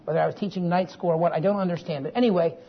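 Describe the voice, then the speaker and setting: A man's voice: high voice, steady tone, rapid-fire. A man in his forties teaching a Bible class, telling a family story in a folksy, digressive way and often checking in with his listeners. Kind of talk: classroom lecture with personal story. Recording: dull lo-fi recording with faint hiss.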